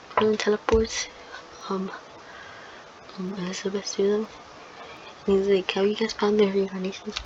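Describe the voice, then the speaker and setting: Rambling woman on a dull noisy recording. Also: medium pitch. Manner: rambling, hesitant, searching for words. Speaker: channel host. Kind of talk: improvised fan-fiction storytelling. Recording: dull lo-fi recording with steady noise.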